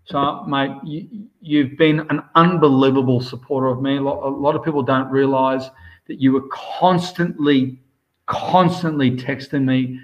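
An Australian man, a swim coach, chatting casually on a podcast and telling stories with plenty of "mate". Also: medium pitch. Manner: lively storyteller, calls everyone mate. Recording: muffled lo-fi audio.

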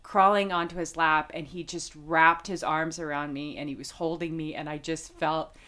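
Halting, heartfelt middle-aged woman, lower voice. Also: steady tone, sharp tone. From Las Vegas, United States. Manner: heartfelt, halting, many fillers and restarts. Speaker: interview guest. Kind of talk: personal faith testimony in conversation.

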